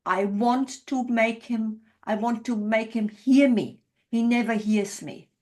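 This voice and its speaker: A woman's voice: on the high side, fairly even intonation, takes it slowly, a little mellow. A woman role-playing an upset wife who feels her partner never hears her, speaking plaintively and insistently.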